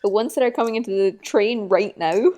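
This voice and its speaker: A woman's voice: mid-range voice, brisk, darkish tone. A woman playing in a tabletop game, hesitant and polite as she speaks. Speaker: player. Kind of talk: casual tabletop role-play.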